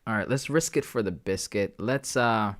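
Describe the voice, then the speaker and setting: A young man hosts a live trading stream in an easy, casual way. He thinks out loud and keeps talking straight to his chat, calling them guys and bro. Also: on the low side, normal speed. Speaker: trading livestream host.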